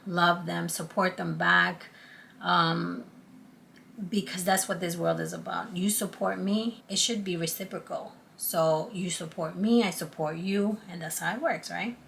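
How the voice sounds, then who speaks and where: Low gravelly woman talking to camera. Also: fairly bright tone, slight background noise. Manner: chatty and earnest, acts out past conversations. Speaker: YouTube channel host. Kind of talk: casual talk to camera.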